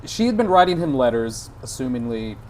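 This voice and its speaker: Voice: mid-range voice, very animated, a little fast, a little mellow, a little hiss or hum. A film podcast co-host chatting casually, searching for words with lots of fillers and restarts. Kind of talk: casual chat.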